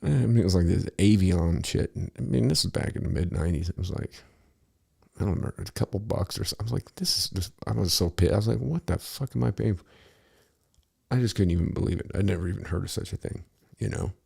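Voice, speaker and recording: Deep gravelly man rambling and swearing. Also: fast, darkish tone. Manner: rambling, profane, easily sidetracked. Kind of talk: casual storytelling.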